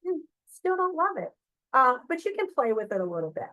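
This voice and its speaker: A middle-aged woman librarian walks through software on a shared screen, chatty and full of fillers and check-ins. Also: sits high, very animated, fairly quick, no echo, low-quality recording. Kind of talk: screen-share tutorial walkthrough.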